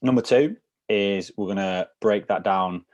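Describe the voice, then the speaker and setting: A man with a very low voice talks through coaching ideas in a loose, rambling way, leaning on little fillers as he goes. The sound is close and dry, with almost no room around him. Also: a little slow, no echo, highs cut off. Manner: loose, explanatory, lots of "so" and "kind of". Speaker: wellness program coach. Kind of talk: casual group discussion.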